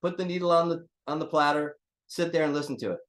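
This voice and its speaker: An older drummer being interviewed talks fast in a fairly high, fairly bright voice with fairly even intonation. He's blunt and casual, cracking jokes and swearing freely.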